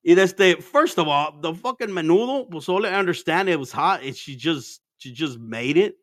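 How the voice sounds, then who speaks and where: A man's voice: a little high, expressive, moderate pace, no echo, studio quality. Profane, laughing man. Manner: laid-back, profane storytelling, laughs often, mixes Spanish into English. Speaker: podcast host. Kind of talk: casual chat.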